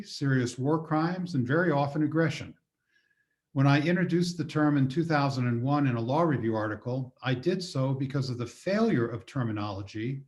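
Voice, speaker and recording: An older man delivering a formal prepared lecture in a measured, deliberate way, building long lists of points. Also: medium pitch, darkish tone. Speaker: guest lecturer.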